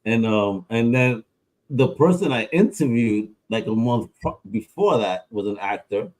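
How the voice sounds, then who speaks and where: A man hosting a casual podcast interview, animated and slangy, laughing often and acting out quotes. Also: medium pitch, measured pace, poor audio. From New York. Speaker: podcast host.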